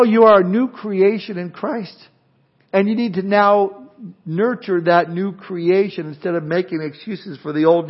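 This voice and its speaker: A pastor preaching a sermon with animated delivery, acting out imagined people's objections. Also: male voice, fairly high pitch, highs cut off. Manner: animated, acts out imagined speakers.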